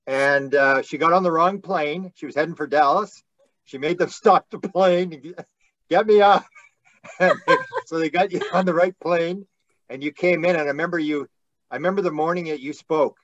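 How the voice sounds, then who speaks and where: A man's voice: fairly high pitch, normal speed, no echo, lo-fi sound. A man hosting a casual talk, telling a funny story with lots of laughter and repeated words. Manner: animated, laughs often, stammers and repeats words. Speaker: host. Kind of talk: casual storytelling on a video call.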